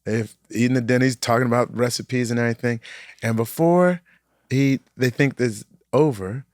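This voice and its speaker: Animated man recapping a TV episode. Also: medium pitch, moderate pace, no room sound, clean studio sound. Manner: animated storyteller, acts out quotes. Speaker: podcast panelist. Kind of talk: casual TV recap chat.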